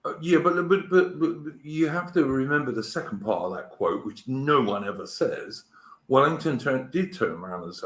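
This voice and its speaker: A man's voice: medium pitch, animated, normal speed, a bit bright, echoey room. A British man hosting a casual chat show, telling stories in a chatty way with lots of restarts. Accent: British English. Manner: chatty storyteller with many restarts and stammers. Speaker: podcast host.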